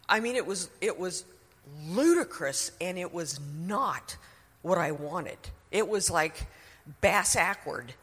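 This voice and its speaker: A woman's voice: on the low side, big pitch swings, measured pace, a bit bright, breathy edge, in a large hall. A middle-aged woman sharing a personal testimony in an earnest, emotional way.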